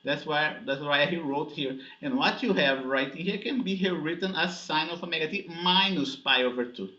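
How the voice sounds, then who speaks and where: In an echoey, dull recording of a classroom lecture, a man with a slightly high, pushed and bright voice teaches physics at normal speed. He breaks the ideas down step by step, checking in often with "okay?" and "right?"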